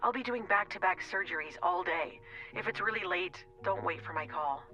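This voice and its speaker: A woman voices a grown man, a surgeon, speaking low and hushed in an audio drama. His calm carries a dry, teasing edge. Faint music plays underneath. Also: moderate pace. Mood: reassuring.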